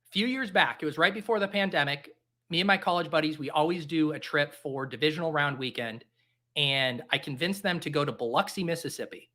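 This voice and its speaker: A man's voice: a little high, a little fast, sharp tone. A young man hosting a live stream, chatting casually in a jokey, rambling, caffeinated way. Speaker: livestream host. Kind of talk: casual livestream chat.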